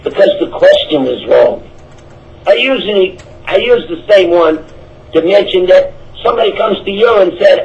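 A high-voiced man preaches emphatically, repeating his points as he answers questions about his faith. The recording sounds dull and lo-fi. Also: moderate pace, creaky, slight background noise. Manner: emphatic, repetitive, animated. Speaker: Islamic preacher. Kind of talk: religious talk answering questions. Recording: dull lo-fi audio.

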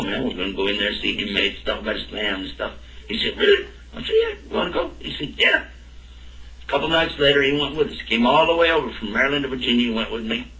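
Bright-voiced man telling a story, roomy sound. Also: mid-range voice. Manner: animated, acts out both sides of the dialogue. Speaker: speaker telling a personal story. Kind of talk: anecdotal storytelling talk. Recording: roomy and distant from the mic.

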